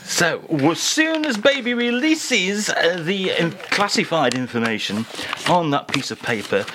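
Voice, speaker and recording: A man hosts a casual radio segment, rambling wryly and poking fun at himself. His voice sits a little high and swings widely in pitch. The studio recording carries a clear layer of noise. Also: big pitch swings, unhurried. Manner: rambling, wry, self-mocking. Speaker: radio host. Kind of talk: casual on-air banter. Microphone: studio microphone on stand.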